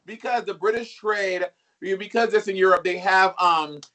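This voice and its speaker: A man chatting as a guest, animated and gossipy, laughing often. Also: sits high, normal speed. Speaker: guest, drag performer. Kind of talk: casual chat.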